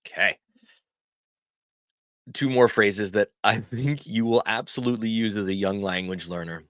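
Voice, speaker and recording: A man teaching language phrases in a casual lesson, repeating each phrase slowly and clearly for learners in a friendly, chatty way. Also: fairly low pitch, fairly bright tone, no echo, clean studio sound.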